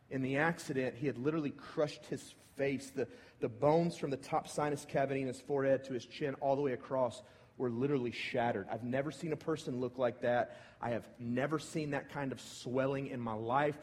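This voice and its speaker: A man, a pastor giving a sermon as a personal story, moving between hushed and emphatic delivery. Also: medium pitch. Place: large church hall. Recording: long reverb of a large hall.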